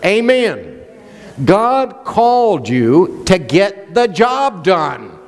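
A man's voice: high-pitched, sing-song, extremely slow, long reverb tail. A male pastor preaching a sermon, questioning the congregation and joking with them. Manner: playful, jokes and laughs.

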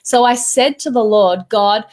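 A woman's voice: a little high, measured pace, darkish tone. A woman in casual conversation, earnestly telling an emotional story of a prayer experience. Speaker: host. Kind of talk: casual chat.

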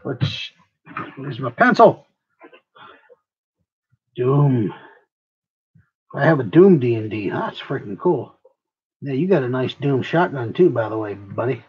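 A man's voice: mid-range voice, big pitch swings, slow pace, pauses often, breathy edge, muffled recording. A man hosting his own channel, rambling and joking with viewers as he works on a craft project. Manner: rambling, joking, talks to viewers while working. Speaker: prop maker and channel host. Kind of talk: casual workshop chatter.

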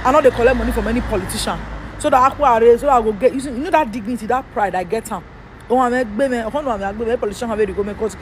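Edo vlogger, man, Nigerian Pidgin accent; quick, heated commentary with pointed rhetorical questions; faint traffic noise behind. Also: very high voice. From Edo State, Nigeria. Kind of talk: political commentary rant.

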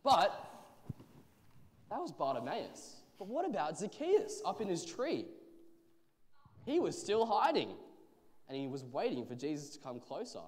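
Brief: expressive male storyteller for kids, slow and lively, on a church stage with long reverb. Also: a little high. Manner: expressive, drawn-out phrasing. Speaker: children's storyteller. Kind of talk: animated Bible storytelling for children.

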